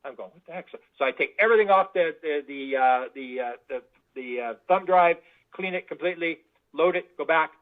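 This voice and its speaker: A man telling stories as a guest in an interview, animated and full of restarts. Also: fairly high pitch. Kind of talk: anecdotal interview storytelling. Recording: tinny phone-like line.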